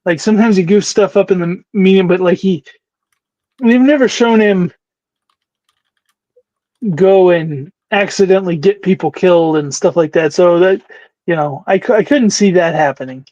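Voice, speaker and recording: A man's voice: high voice, moderate pace, pauses often, mellow, dry recording. A man on a casual podcast call, talking hesitantly and restarting often. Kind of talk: casual rewatch chat. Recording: dull lo-fi mic.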